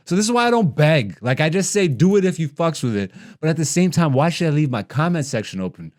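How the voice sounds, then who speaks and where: Speaking quickly with few pauses, this comedy podcast host in his thirties, of Ethiopian descent, unleashes a profane, mocking rant. His delivery swings from quiet muttering to loud, lively outbursts.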